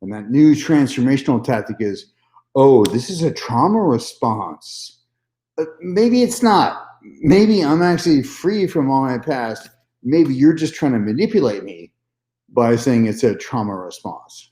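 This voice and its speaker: A man's voice: medium pitch, lively intonation, unhurried, dark tone, echoey room. A man telling a personal story in a casual vlog monologue, candid and repetitive, swearing freely. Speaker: vlogger.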